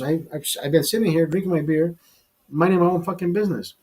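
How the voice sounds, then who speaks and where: A man's voice: on the high side, steady tone, fast, a little mellow, husky. A man hosting a casual show, telling a rambling, profane story with many restarts and repeated words. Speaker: host.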